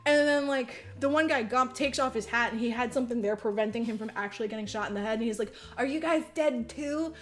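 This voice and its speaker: A woman's voice: fairly high pitch, steady tone, quick pace, hardly any pauses, a bit bright. A woman co-hosting a podcast, recapping a movie in casual chat, giggling, swearing freely and acting out the characters' lines. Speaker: podcast co-host.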